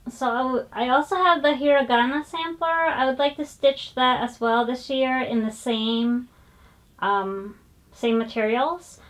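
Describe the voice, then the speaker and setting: Woman vlogger, fairly high voice, unhurried and chatty, stops to correct herself. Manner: chatty and digressive, with frequent fillers and self-corrections. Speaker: flosstube host showing cross-stitch finishes. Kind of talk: casual show-and-tell chat.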